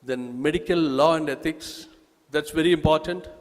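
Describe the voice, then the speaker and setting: A man with an Indian accent gives a public talk at an event, presenting a nursing course in a halting, emphatic way with frequent restarts. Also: a little high, in a large hall. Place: event hall.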